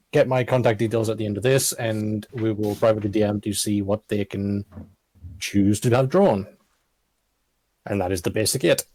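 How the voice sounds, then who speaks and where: Low, mellow-voiced man, matter-of-fact. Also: no room sound. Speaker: artist, guest. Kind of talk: casual chat.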